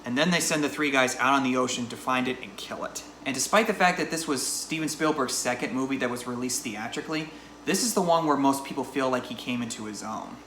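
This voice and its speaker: A man in his thirties talks through a film review in a relaxed, informal way, his voice bright and forward. The room adds a noticeable echo, with a faint hum of noise underneath. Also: mid-range voice. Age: 30s. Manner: chatty, conversational, informal. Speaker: movie reviewer. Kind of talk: casual spoken movie review.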